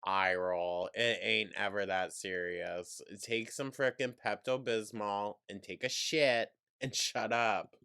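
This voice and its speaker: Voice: sits low, steady tone, slow pace, hardly any pauses, bright, forceful tone, smooth. A commentary host making snarky, mocking and profane remarks over a played video clip. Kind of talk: sarcastic reaction commentary.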